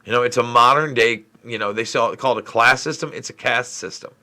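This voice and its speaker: A middle-aged man from New York State hosts a live question-and-answer stream. He answers viewer comments in a frustrated, rambling way. His voice is bright and forceful. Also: mid-range voice, fairly quick. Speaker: livestream host. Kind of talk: live Q&A stream reading chat.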